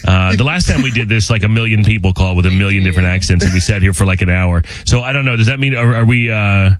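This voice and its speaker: A man hosting a morning radio show, chatting quickly and joking with co-hosts. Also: fairly low pitch, crowd noise. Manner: quick, rambling and joking with restarts. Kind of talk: casual on-air banter.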